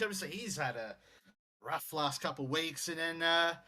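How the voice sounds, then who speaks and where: Lively bright-voiced man co-hosting. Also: a little high, moderate pace. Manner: animated, filler-heavy chat. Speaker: co-host. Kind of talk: casual game commentary.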